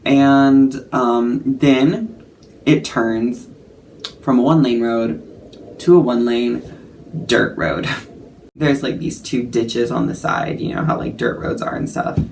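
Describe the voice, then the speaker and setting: A man's voice: medium pitch, slow pace, gravelly, darkish tone, a little hiss or hum. A young man telling a story in a casual vlog, chatty and self-mocking, full of fillers and laughs. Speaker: vlogger.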